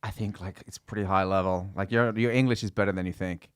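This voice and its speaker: A man's voice: low-pitched, steady tone, fast talker, clear, resonant tone, no echo. A man hosting a podcast in a studio, chatting casually in a boisterous, joking way and swearing freely. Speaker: podcast host.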